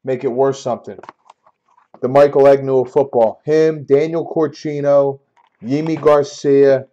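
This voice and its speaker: A man hosting a sports card break live, talking casually and getting loudly exasperated, repeating himself. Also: medium pitch, fairly even intonation, measured pace, dull audio. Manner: exasperated, repetitive, loud outbursts. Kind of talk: casual live-stream banter.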